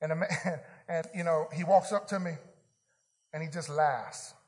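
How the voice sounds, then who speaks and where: Animated high-voiced preacher in a reverberant hall. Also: male voice, moderate pace. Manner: animated testimony, whispering quotes then shouting. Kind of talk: storytelling sermon.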